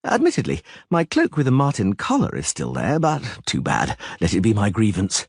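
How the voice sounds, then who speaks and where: A man voicing a vain, flamboyant young bard who talks excitably and dramatically in an audiobook. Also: on the low side, normal speed, breathy edge, dry recording, studio quality, exaggerated voice. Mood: excitable flamboyant. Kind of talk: audiobook character voice.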